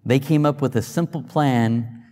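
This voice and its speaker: A man preaching a sermon in a church, talking it through like a teacher, with restarts and questions thrown at the congregation. His mid-pitched voice rings out with a long reverb from the hall around him. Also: measured pace, warm tone. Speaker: pastor. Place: church sanctuary.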